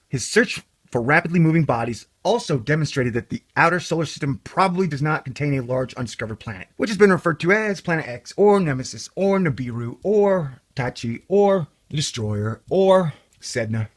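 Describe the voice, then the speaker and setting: A man's voice: fairly high pitch, breathy edge. A man hosting a casual commentary video, reading an article aloud with sarcastic, rambling, jokey asides. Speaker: video host.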